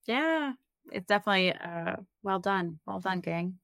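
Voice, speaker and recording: A woman's voice: mid-range voice, lively intonation, measured pace, creaky, fairly bright tone, no echo. Young woman, podcast co-host, casual chat, enthusiastic, dry close sound. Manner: enthusiastic, agreeable, wraps up the show.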